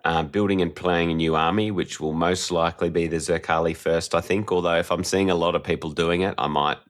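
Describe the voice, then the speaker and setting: A man's voice: low-pitched, fairly even intonation, fairly quick. A man co-hosting a podcast, casually chatting and reading through listener comments. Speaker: podcast co-host. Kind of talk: casual chat.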